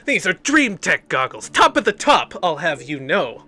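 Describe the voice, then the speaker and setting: Man hamming up a gloating villain, bright. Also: a little high, big pitch swings, normal speed, exaggerated voice. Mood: boastful. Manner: grandiose, gloating, chuckling. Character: cocky theatrical male villain, boastful.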